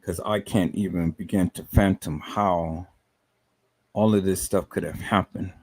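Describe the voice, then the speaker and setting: A man's voice: low-pitched, fairly even intonation, measured pace, slightly rough, no room sound. Stammering, emotional man on a livestream. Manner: stammering, repeats words, rising to agitated outbursts then trailing off softly. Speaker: livestream host.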